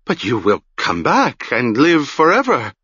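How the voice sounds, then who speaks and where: A man's voice: mid-range voice, wildly swooping pitch, measured pace, pushed and bright, breathy edge, dry recording, lo-fi sound, voice pushed up, heavily acted. A man voicing an old, grey-haired woman, a broken former sorceress who swings between whispering awe and wild anguish. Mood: awed, pleading. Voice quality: whispery, trembling, pleading.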